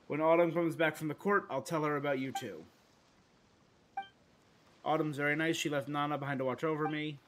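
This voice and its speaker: A man's voice: a little high, steady tone, fairly quick, pauses often, fairly bright tone, a little hiss or hum. A young man streaming a game, reading its dialogue aloud and putting on character voices, with playful asides. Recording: game music faintly behind.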